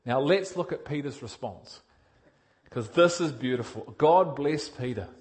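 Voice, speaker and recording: A male preacher giving a sermon, energetic and direct, asking his listeners questions and swinging from loud emphasis to quiet intensity. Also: medium pitch, unhurried.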